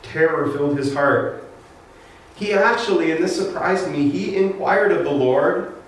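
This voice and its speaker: A man's voice: a little high, a little slow. Guy preaching casual sermon, cracks jokes, echoey room, faint background hum. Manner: humorous asides, conversational. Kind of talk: casual sermon, retelling scripture. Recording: echoey room, distant mic.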